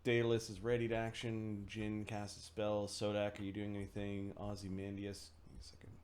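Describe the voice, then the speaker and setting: A man playing a tabletop game, reading rules aloud and thinking out loud with fillers. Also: on the low side, monotone, fairly quick, a little hiss or hum. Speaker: player.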